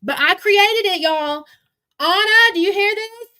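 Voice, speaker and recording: An extremely high-pitched, sharp-toned woman's voice moves at a measured pace. The middle-aged host is ranting on her livestream, combative and profane, aiming her words directly at her chat and her absent critics.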